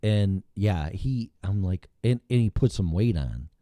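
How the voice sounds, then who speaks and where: A male show host riffs in loose, rambling chat, swearing freely and never mincing words. His pitch swings widely as he talks, and his tone is dark and mellow. The sound is dry and close. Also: expressive, a little slow, no echo. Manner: rambling, blunt and profane. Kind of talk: casual chat.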